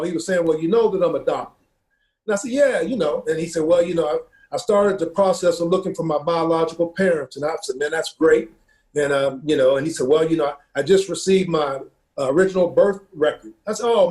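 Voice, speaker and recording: A man, a football coach from Ohio, telling a personal story in an earnest, halting way, with many fillers and repeated words. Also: on the high side, a little mellow.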